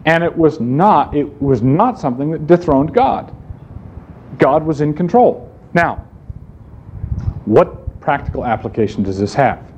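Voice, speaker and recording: A man's voice: on the high side, very animated, measured pace, a little mellow. A man preaching a sermon in an emphatic way, asking rhetorical questions and answering them himself. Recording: slightly dull recording with faint room noise.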